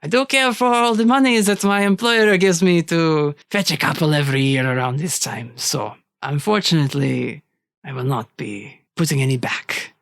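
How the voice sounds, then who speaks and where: A game master voicing a falsely polite male hunter villain with a French accent, speaking slowly and smoothly. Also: mid-range voice, a bit bright, no room sound, studio quality. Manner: slow, falsely polite, drawn-out purring.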